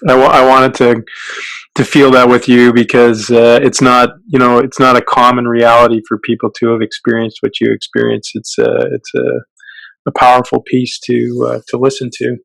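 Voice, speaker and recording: A man's voice: mid-range voice, flat delivery, moderate pace, gravelly, a bit bright, no echo, low-quality recording. A man hosting an interview, asking reflective questions with a few fillers. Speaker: podcast host. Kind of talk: casual interview.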